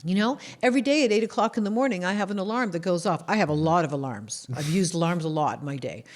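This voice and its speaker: A woman from Canada, talking in a casual interview as an author and guest, telling animated stories and acting out the voices of the people in them. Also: lowish voice, quick pace. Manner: animated storyteller who acts out quoted voices.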